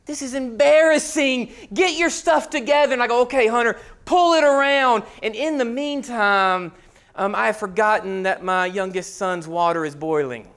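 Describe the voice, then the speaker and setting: A man, preaching a sermon as pastor and telling a story, acting out shouts and hushed asides. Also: very high-pitched, normal speed, clear, resonant tone.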